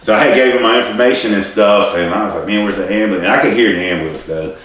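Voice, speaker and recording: A man telling a personal story in a rambling, halting way, swearing and laughing at himself. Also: lowish voice, fairly bright tone. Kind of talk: casual storytelling. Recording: distant mic in a very echoey room.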